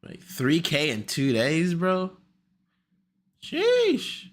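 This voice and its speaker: Rambling young male streamer, lively pitch. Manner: rambling, exclaiming at himself, quick laughs. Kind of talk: casual stream chat while setting up a video.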